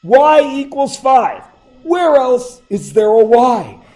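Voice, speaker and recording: A man's voice: very high-pitched, sing-song, takes it slowly, mellow, faint music behind, low-quality recording. A middle-aged man teaching math to a class, with a sore throat, asking the students question after question. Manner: questioning, prompts students for answers. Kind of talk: classroom lecture.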